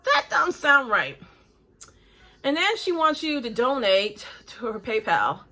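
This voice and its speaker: A woman's voice: high-pitched, very animated, takes it slowly, sharp tone. A woman in her forties hosting a reaction video, talking bluntly and critically in casual chat while breathing hard. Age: 40s.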